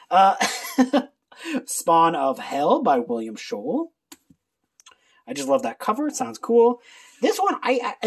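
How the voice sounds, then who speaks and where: A book video creator chatting casually through a reading list, talking in an animated way with many quick asides. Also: medium pitch, husky.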